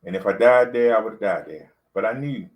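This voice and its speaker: In a rough recording, a man with a lowish voice speaks fairly quickly to the camera. His vlog is loose and meandering, crowded with fillers and repeated phrases.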